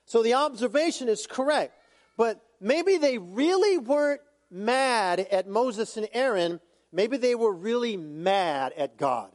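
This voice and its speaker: Pastor, male, very high voice, loose conversational sermon with jokes; big echoing church hall. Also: expressive, unhurried. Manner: conversational preaching with asides and humor. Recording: long hall reverb.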